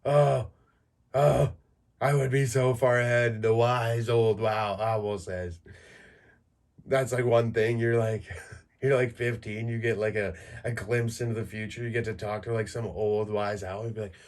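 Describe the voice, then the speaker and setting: A man in his mid-thirties rambles through a solo podcast in a loose, casual way. His speech is crude and jokey, full of "like" and "you know", with a voice pitched in the middle of a man's range. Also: flat delivery, moderate pace, a little mellow. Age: 30s. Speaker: podcast host.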